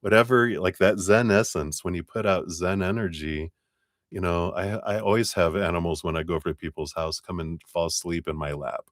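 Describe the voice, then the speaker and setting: A man's voice: sits low, fairly even intonation, brisk, no echo, studio quality. A man giving a casual live tarot reading, chatting, storytelling and laughing often. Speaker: tarot reader on a live stream.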